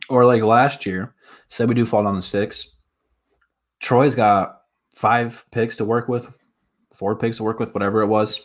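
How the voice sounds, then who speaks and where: Hosting a laid-back sports livestream, a young Detroit-area man with a lowish voice addresses his viewers directly, sounding excited and using plenty of filler words.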